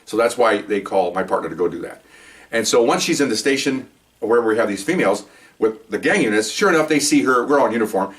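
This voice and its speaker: An older man recounts his police days in a quick, rambling flow, circling back with asides and restarts. His voice sits a little away from the microphone, in a middle register. It sounds like casual storytelling straight to camera. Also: medium pitch, expressive, recorded from a distance. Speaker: retired police officer telling stories.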